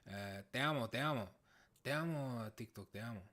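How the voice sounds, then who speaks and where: A man hosting a casual livestream, chatting with viewers in a playful, teasing way and often breaking into loud exclamations. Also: mid-range voice, fairly quick. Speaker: livestream host. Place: home, in the UK.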